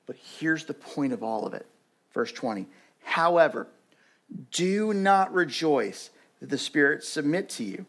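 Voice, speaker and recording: A young adult man preaching as a pastor, talking conversationally with lots of "like" fillers and building to urgent emphasis. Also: medium pitch. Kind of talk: sermon.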